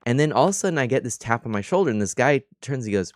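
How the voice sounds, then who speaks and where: A tired man casually chatting on a gaming stream, telling stories in a rambling, animated way and laughing often. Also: medium pitch, very fast, hardly any pauses, no echo. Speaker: streamer and game host.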